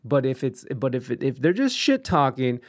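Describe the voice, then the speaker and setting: A man's voice: medium pitch, sing-song, normal speed. A young man in casual chat, telling a story with lots of swearing, restarts and self-deprecating humor.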